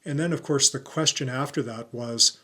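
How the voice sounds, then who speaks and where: A middle-aged man presenting an on-camera tutorial as a YouTube coach, talking clearly and deliberately and stressing his keywords. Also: mid-range voice, pushed and bright.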